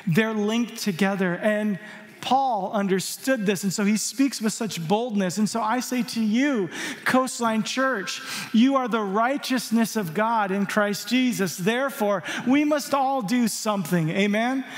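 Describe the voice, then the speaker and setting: High-voiced pastor preaching in a reverberant hall. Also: male voice, unhurried. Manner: emphatic, exhorting the congregation. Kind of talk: sermon. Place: church auditorium.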